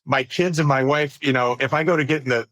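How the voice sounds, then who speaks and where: A man being interviewed as a podcast guest, speaking in an earnest, measured way about business and mindfulness. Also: mid-range voice, fairly even intonation, a bit bright, no room sound. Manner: earnest and measured, thinks aloud with fillers. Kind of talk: reflective conversational interview.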